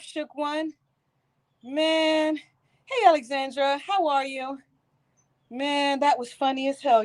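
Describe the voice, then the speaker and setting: A woman hosting a casual live stream, animated and laughing, greeting her chat by name. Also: sits high.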